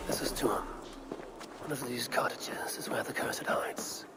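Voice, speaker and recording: An actor playing a stealthy male Viking raider, speaking in a hushed whisper in a video game. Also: medium pitch, a little slow, natural voice. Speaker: game protagonist. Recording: loud game music behind.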